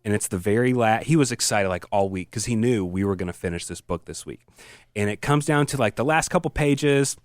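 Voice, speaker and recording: Podcast dad, earnest storyteller, dry close mic. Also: male voice, fairly low pitch, a little fast, dry recording. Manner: storytelling, earnest, softens when moved. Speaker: podcast co-host. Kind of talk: casual chat.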